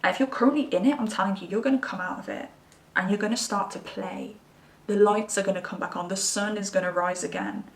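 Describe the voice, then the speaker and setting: A woman's voice: medium pitch, fairly even intonation, quick pace, distant mic. A chatty woman talks through a pick-a-card tarot reading, intuitive and reassuring in her delivery. Her voice sits a little back from the mic and rings in a roomy space. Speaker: tarot reader. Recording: roomy sound from away from the mic.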